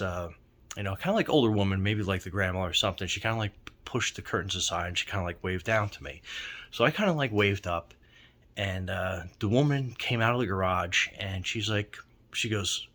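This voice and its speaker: A man's voice: low-pitched, pushed and bright. A man casually telling a ghost story from his own life, rambling with many fillers and restarts. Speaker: storyteller recounting a ghost encounter.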